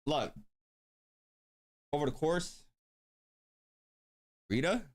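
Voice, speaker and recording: A man hosting a tournament live stream, talking casually and thinking aloud with frequent pauses and ums. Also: fairly high pitch, very animated. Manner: laid-back, thinks aloud with many ums.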